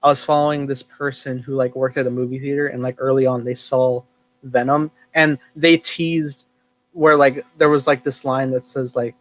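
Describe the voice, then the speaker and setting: A young man hosting a podcast, talking casually and acting out his own reactions. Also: mid-range voice. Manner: animated, quick to quote his own reactions. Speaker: podcast host. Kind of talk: casual chat.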